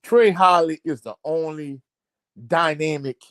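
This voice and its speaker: A man's voice: fairly high pitch, measured pace, fairly bright tone, clear, resonant tone, no room sound. Blunt exasperated man. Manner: blunt, exasperated, repeats himself. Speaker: sports channel host. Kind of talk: casual postgame reaction monologue. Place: home, indoors.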